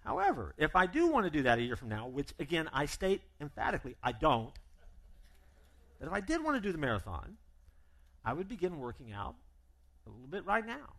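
A man's voice: on the high side, a little fast. A man preaching a sermon as pastor, humorous and emphatic, acting out both sides of imagined conversations. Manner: animated and emphatic.

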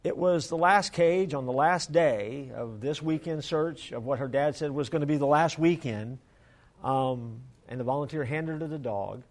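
A male pastor telling a story in a sermon and leading a prayer, earnest and conversational, dropping to a hush. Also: on the high side, normal speed.

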